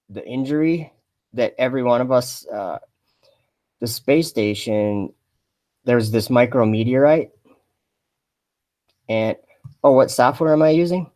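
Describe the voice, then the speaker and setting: A man chatting on a mock live stream in a deadpan, rambling way, full of fillers and restarts. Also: mid-range voice. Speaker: satirical livestreamer posing as an astronaut.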